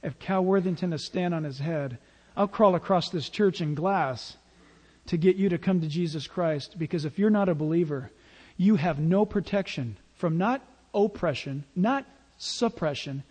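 A man with a high voice preaches an emphatic sermon, pressing his points and telling stories to his congregation. His words ring with a long reverb in a large church hall. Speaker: pastor.

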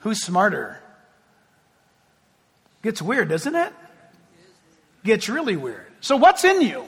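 A man preaching a sermon as pastor, talking conversationally and joking, swinging between loud and hushed. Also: high voice, wildly swooping pitch, slow pace, husky. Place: church sanctuary. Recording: long hall reverb.

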